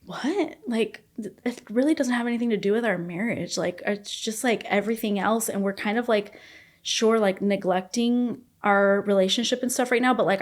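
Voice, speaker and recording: A woman in her thirties, a podcast guest telling her own story candidly, rambling and filling her speech with "like". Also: medium pitch.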